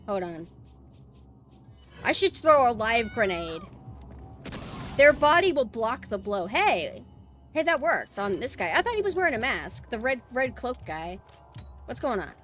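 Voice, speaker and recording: A woman streamer giving excitable gameplay commentary, swearing and bursting into shouts. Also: mid-range voice, measured pace, pauses often, soft background music.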